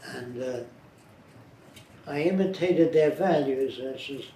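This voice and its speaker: An older man with a mid-range, dark-toned voice speaks slowly while being interviewed, telling blunt, rambling stories from his life. The sound is roomy and distant, with faint noise.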